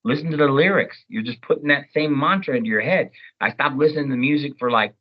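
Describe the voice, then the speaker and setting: A man in his forties, a voice actor guest, talks casually and with lots of animation, slipping into playful voices. His audio comes through a little dull and lo-fi, at a medium pitch. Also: quick pace. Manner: animated, breaks into loud sung snippets and mimicked voices. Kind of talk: casual interview chat.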